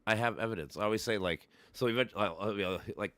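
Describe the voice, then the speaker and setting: Low-voiced man, profane animated storyteller. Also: racing, clear, resonant tone, dry recording. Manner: profane, animated, acts out both sides of a debate. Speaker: livestream host. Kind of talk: casual chat, retelling an argument.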